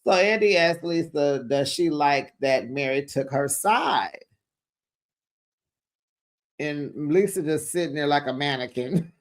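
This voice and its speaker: A host giving a casual, gossipy recap of a reality-TV reunion, sassy and quick to laugh. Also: medium pitch.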